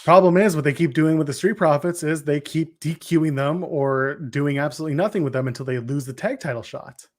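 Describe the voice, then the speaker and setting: A young man co-hosting a podcast, casually chatting about wrestling with quick joking asides. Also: fairly high pitch. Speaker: podcast co-host.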